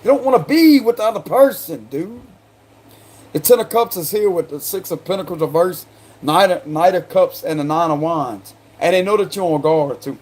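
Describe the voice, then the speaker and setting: Chatty tarot reader with a Carolina twang. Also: male voice, high voice, moderate pace, a little mellow. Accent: South Carolina. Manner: slangy and chatty, breaks into laughter. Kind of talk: casual spoken tarot reading.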